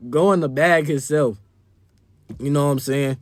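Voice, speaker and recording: A man's voice: a little high, steady tone, moderate pace, no echo. A young man telling a wild party story in a casual, slangy and profane way. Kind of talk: storytime vlog.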